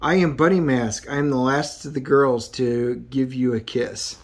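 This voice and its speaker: A man reading out the lines of an eerie supernatural masked girl creature in a slow, low murmur. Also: fairly even intonation, lightly acted.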